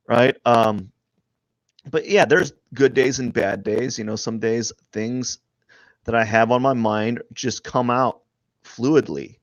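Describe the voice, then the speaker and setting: A man streaming live as he draws, rambling and thinking aloud, restarting his sentences and often trailing off quietly. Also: fairly low pitch, steady tone, unhurried, no echo. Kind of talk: casual live-stream narration while drawing.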